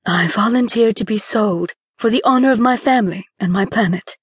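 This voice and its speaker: Audiobook figure: woman narrator doing a serene alien female fighter, measured and formal, dry close sound. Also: mid-range voice, slightly rough, no room sound. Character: calm, formal alien woman warrior with antlers.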